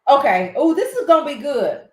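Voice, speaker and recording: An older woman with a Southern US accent, hosting a casual late-night live-stream chat, excitable and quick to laugh. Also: sits high, echoey room, poor audio. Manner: chatty, excitable, laughs easily. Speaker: livestream host.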